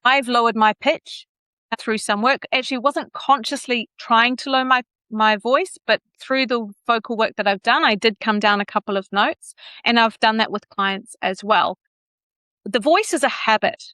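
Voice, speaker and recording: Bright, lively Kiwi woman coach. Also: normal speed, no echo. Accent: New Zealand. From New Zealand. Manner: animated, plays with pitch and pace to demonstrate. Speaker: communications coach, guest. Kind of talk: podcast interview.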